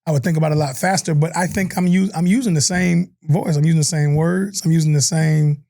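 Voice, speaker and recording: A man co-hosting a casual podcast, talking in animated, slangy bursts and acting out quotes. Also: fairly high pitch, quick pace. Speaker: podcast co-host.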